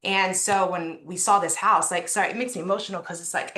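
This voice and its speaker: A woman's voice: fairly low pitch, steady tone, brisk, sharp tone, reverberant. A woman real estate agent on a video call, telling a personal story in a heartfelt, chatty way with many fillers.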